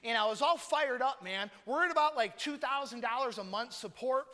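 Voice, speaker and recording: Bright, high-voiced young preacher man. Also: expressive, moderate pace. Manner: earnest, personal storytelling, calls on listeners by name. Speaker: missionary preacher. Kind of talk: conversational sermon. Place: church hall. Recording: long hall reverb.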